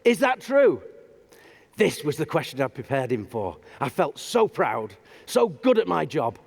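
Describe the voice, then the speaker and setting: Man telling a funny story on stage, lively pitch, self-deprecating, big echoey hall. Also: normal speed, gravelly. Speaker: public speaker. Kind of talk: humorous storytelling talk. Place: large auditorium stage. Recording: long hall reverb.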